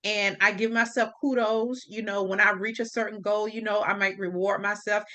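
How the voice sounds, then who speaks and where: A woman hosting a podcast in relaxed, chatty conversation, often agreeing with her guest. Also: mid-range voice, normal speed. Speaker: podcast host. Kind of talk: casual podcast chat.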